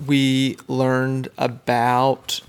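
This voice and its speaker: A woman in her thirties hosts a casual family podcast, gently quizzing and praising her young son like a teacher. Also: rumbling low, completely flat delivery, drawn-out words, clear, resonant tone. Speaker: podcast host and homeschooling mother.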